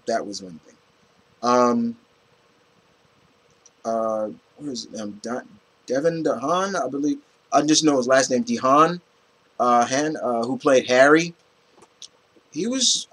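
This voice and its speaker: Husky-voiced man rambling through a review. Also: fairly high pitch, low-quality recording. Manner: rambling, animated, frequent restarts and fillers. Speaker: movie reviewer. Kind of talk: casual spoken movie review.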